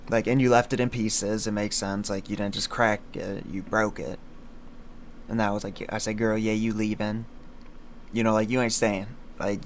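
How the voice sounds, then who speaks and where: A man's voice: fairly low pitch, slight background noise. A young man in casual livestream chat, rambling with many fillers and slang as he breaks down his own song lines. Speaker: streamer explaining his song.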